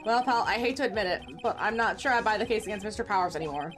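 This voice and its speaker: A woman's voice: medium pitch, rapid-fire, over music, close to an everyday voice. A woman voicing a bumbling, good-natured male police detective from a video game, who calls everyone pal as she reads the part aloud. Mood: earnest.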